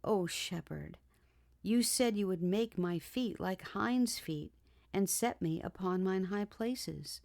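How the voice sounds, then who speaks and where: A woman's voice: medium pitch, slow, creaky, darkish tone. A woman reading an audiobook, voicing a timid, frightened young woman who pleads and trembles. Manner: pleading, sobbing, breathless.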